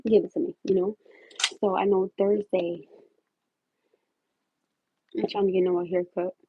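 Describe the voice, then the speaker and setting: A young woman with a husky voice, chatty and heartfelt, telling personal stories on a casual livestream, laughing loudly at times. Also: mid-range voice, little pitch movement, unhurried, no echo. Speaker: livestream host. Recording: thin phone-like audio.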